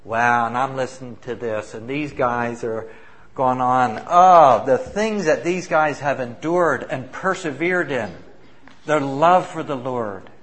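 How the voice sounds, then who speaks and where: A man, a missionary, telling stories of the people he works with in an animated, emphatic way, acting out the voices of those he quotes. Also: medium pitch, slow. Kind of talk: spoken testimony storytelling.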